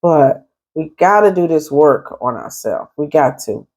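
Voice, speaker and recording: Gravelly, emphatic woman giving advice. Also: sits low, expressive, measured pace, a little mellow. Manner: stern, emphatic, talks straight to the viewer. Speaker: therapist and life coach. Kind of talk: casual advice vlog. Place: at home in an apartment.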